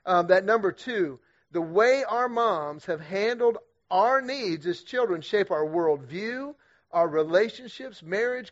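A middle-aged man speaking to a men's group at church, energetic and humorous, with a conversational style full of quick restarts. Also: high-pitched. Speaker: guest speaker leading a men's group series. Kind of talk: storytelling church talk to men. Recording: dull lo-fi sound.

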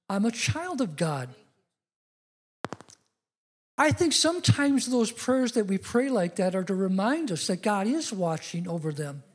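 A man's voice: high-pitched, slightly rough. A middle-aged man preaching a sermon, telling personal stories in an earnest way that rises to emphatic declarations.

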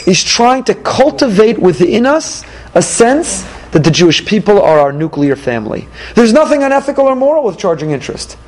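A man, a rabbi, giving an emphatic Torah class with rhetorical questions and animated delivery. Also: fairly high pitch, poor audio.

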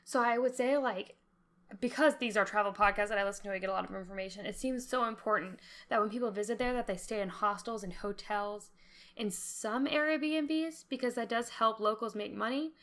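Young podcast co-host, woman, bright tone, lively and chatty, laughs easily. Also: a little high. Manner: animated, quick laughs, chatty asides. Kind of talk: casual podcast chat.

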